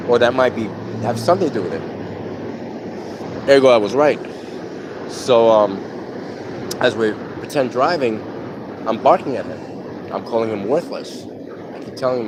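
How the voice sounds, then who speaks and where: A man's voice: mid-range voice, noisy background. A middle-aged man telling a personal story live in a candid, profane, rambling way, outdoors by a street on a phone.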